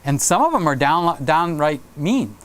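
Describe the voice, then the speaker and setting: A man's voice: a little high, big pitch swings, unhurried, fairly bright tone, slight background noise. A man hosting his own livestream, chatting casually and rambling through anecdotes while laughing at his own stories. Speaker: livestream host.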